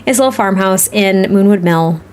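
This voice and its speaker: Talking fairly quickly in a mid-range, slightly mellow voice, a woman streams herself building in a game. She chats and rambles to viewers, laughs often, and responds to the comments in chat.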